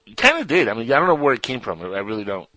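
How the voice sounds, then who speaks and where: A man's voice: mid-range voice, huge pitch swings, racing, pushed and bright, a little hiss or hum, rough recording. Playful goofy male radio host. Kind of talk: casual radio banter.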